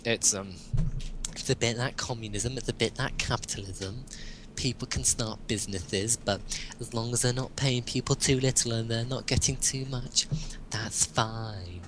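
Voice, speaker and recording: A podcast co-host with a medium-pitched, steady voice chats casually at a moderate pace against a noisy background. He rambles and jokes along, chuckling often.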